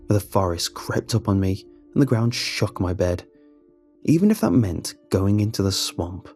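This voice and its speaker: A man narrating a first-person horror story in a measured, steady storytelling manner. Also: sits low, soft background music.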